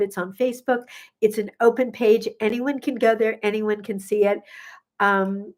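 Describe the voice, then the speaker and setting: A middle-aged woman, a gut health coach, chatting casually on a live stream, bubbly and effusive with many ums, a little sniffly. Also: mid-range voice. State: sniffly from pollen.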